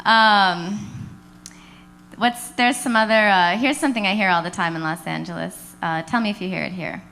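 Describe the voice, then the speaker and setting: A woman comedian doing a stand-up set with a dry, deadpan delivery. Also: mid-range voice, moderate pace, creaky, slight background noise. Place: comedy club stage.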